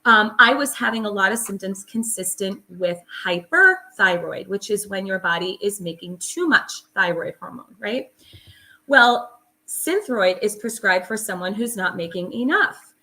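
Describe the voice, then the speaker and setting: Bright-voiced earnest woman guest. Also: medium pitch, unhurried. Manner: earnest, emphatic, many fillers. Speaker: guest, holistic psychologist. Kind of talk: conversational interview storytelling.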